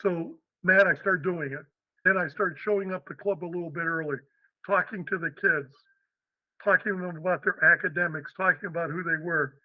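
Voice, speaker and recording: An older man from Western Pennsylvania, a podcast guest, telling his life story in an animated way and acting out the quotes. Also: high-pitched, fairly quick, dry recording. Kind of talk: storytelling interview. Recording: slightly dull, dry lo-fi podcast audio.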